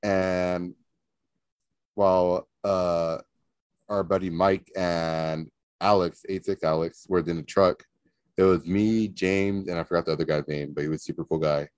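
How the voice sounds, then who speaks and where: Man, very low voice, dry close sound, rowdy casual storytelling. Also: measured pace, smooth, dry recording. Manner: animated, profane, laughs a lot. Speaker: podcast co-host.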